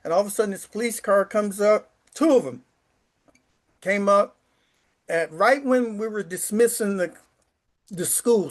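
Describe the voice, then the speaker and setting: A man in his sixties, a retired sixth grade teacher, telling stories from home in a rambling, emotional way with stammers and restarts. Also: sits high. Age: 60s. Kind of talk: casual storytelling to camera. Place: his apartment.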